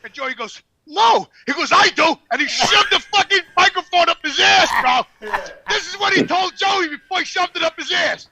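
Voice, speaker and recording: A man's voice: extremely high pitch, lively intonation, moderate pace. An older man telling long, rambling, profane stories in casual podcast chat. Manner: loud, profane, rambling anecdotes. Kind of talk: casual storytelling.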